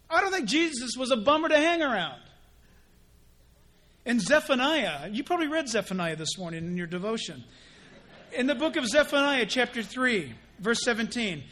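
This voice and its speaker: A male pastor preaching a sermon in an animated way, acting out mock dialogues. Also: very high voice.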